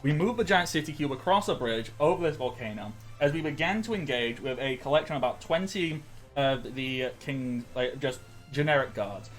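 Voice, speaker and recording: A man's voice: mid-range voice, lively intonation, normal speed. Rambling man recapping a tabletop game. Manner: rambling, lots of ums and self-corrections. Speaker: player giving the session recap.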